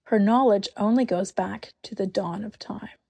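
A great, kindly male lion speaks slowly and gravely, put on by a woman reading a storybook. His words come gentle and unhurried, at times sinking to a hush. The voice carries a soft, breathy edge. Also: mid-range voice. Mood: solemn.

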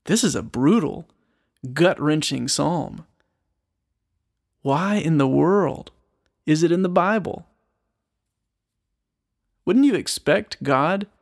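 A Christian speaker and musician gives an earnest, reflective Bible teaching, reading a psalm aloud and posing rhetorical questions. His voice is a little high and expressive, with vocal fry; he speaks slowly and pauses often.

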